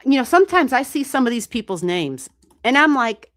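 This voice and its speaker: A woman giving casual, animated astrology readings on a livestream, chatting and swearing lightly as she goes. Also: high-pitched, fairly quick, no room sound. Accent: US Midwestern. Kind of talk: casual live-stream reading.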